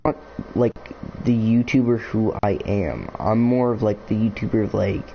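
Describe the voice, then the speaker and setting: A man's voice: fairly low pitch, fairly even intonation, moderate pace, gravelly. A young man, a YouTuber, rambling casually to the camera, full of fillers and musing asides. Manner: filler-heavy, meandering, musing. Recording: dull lo-fi mic with faint noise.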